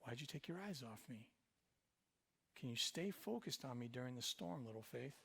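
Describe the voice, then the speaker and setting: A male pastor preaching a sermon, swinging between loud emphatic passages and quiet, intimate ones. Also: mid-range voice, lively intonation, normal speed, gravelly, slightly rough. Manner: speaks in Jesus's voice to the listener.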